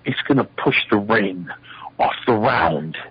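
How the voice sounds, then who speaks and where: Older male guest telling stories, low husky voice, slightly dull interview audio. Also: a little slow, dry recording. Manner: animated storyteller acting out quoted dialogue. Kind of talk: shoot interview storytelling.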